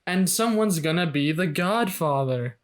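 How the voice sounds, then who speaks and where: A man's voice: a little high, expressive, unhurried. A man co-hosting a casual rewatch podcast, playful and joking, sometimes doing silly voices. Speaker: podcast co-host.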